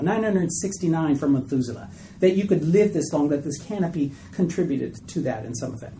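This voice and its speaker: A man's voice: a little high, dark tone, rough recording. Man, Bible study teacher, casual classroom lecture, keeps asking "okay?", faint room hum. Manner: chatty, checks in with "okay?" and "right?" often.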